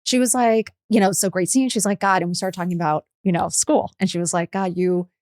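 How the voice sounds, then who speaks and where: A middle-aged woman, a podcast guest, telling stories in a candid, profane, animated way in casual chat. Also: on the low side, fast talker, no room sound, clean studio sound.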